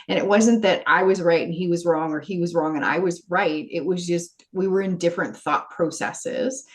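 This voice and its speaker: A woman guesting on a podcast as a confidence coach, talking in an earnest, animated way and laughing often. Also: on the low side. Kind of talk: conversational interview.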